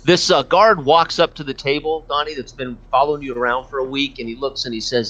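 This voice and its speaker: A man running a tabletop game as game master, narrating in a halting way with many fillers and restarts. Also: medium pitch, fairly even intonation, sharp tone. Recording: dull lo-fi audio.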